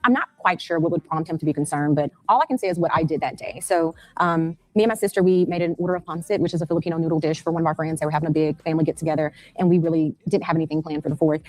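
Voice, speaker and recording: Fast-talking woman recounting in an interview. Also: low-pitched, steady tone, darkish tone, no room sound. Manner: rapid, anxious retelling, acting out phone calls. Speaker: interviewed mother.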